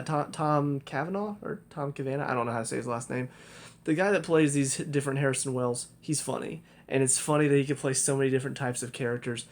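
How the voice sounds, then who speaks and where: Rambling young man reviewing a show. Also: medium pitch. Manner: conversational, rambling with many fillers and restarts. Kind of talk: casual spoken review.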